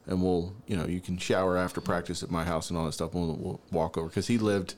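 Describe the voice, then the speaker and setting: A man with a low voice tells a story in a relaxed, casual chat. He is an animated storyteller, and his voice leaps upward when he acts out his own younger self. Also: quick pace. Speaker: podcast co-host.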